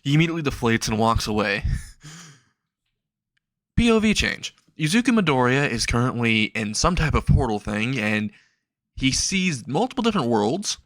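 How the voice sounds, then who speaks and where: Young man, casual rambling storyteller, mid-pitched, dry close sound. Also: big pitch swings, moderate pace, a bit bright, no room sound. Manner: casual, rambling, laughing asides. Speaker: fan fiction narrator.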